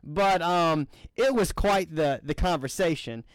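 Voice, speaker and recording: Male minister host from Louisiana, smooth voice a bit high, dry room. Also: measured pace, no echo. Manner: friendly joking with restarts. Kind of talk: casual talk leading a church session.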